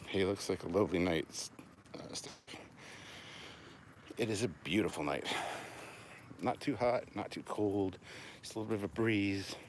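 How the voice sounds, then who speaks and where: Male host, very low voice, winded from walking, chatty live-stream banter outdoors, faint background noise. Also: moderate pace. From Canada. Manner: chatty, self-deprecating, answers viewer questions. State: out of breath. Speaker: channel host. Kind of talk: casual live-stream chat while walking. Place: outdoors at night, on a walk.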